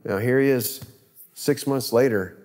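A man's voice: a little slow, in a large hall. A man, a pastor, telling a scripture story conversationally and acting out the characters' voices. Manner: animated, acts out biblical voices with big pitch jumps.

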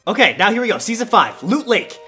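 A gaming YouTuber giving excited reaction commentary, chatty and reminiscing, bursting into shouts and exclamations. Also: medium pitch, fairly quick, husky, faint music behind.

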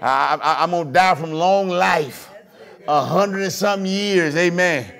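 Preaching at a measured pace with vocal fry, a pastor whose voice sits high for a man works the congregation in call-and-response style. He builds up to shouted lines.

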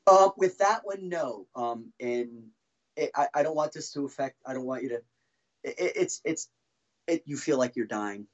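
A man telling his own story as a podcast guest, halting and restarting often as he talks. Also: medium pitch, lively intonation, muffled recording. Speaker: guest, former band drummer. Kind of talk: casual podcast interview storytelling.

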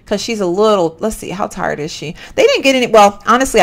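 A woman giving animated, exclaiming let's-play commentary and chatting straight to her viewers. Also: on the low side, quick pace, few pauses, a little hiss or hum. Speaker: gaming channel host.

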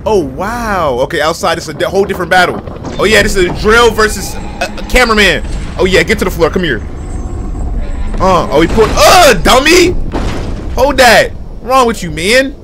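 A young man hosting a reaction video, hyped and shouting with casual slang. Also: sits high, lively intonation, moderate pace, noisy background. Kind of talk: excited reaction commentary.

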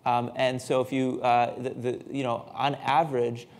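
A man giving a conference talk in a lecture hall, halting and full of fillers and restarts. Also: medium pitch, little pitch movement. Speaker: scientific speaker.

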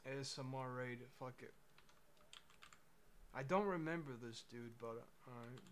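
A man's voice: medium pitch, moderate pace, fairly bright tone, a little hiss or hum. A man streaming live, chatting casually in a rambling, laid-back way and swearing freely. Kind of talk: casual livestream chat.

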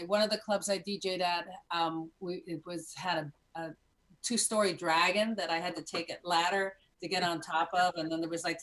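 A Cuban American woman in her fifties, a podcast guest in casual chat, telling animated stories with many restarts. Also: lowish voice. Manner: animated storyteller with many restarts and acted-out moments.

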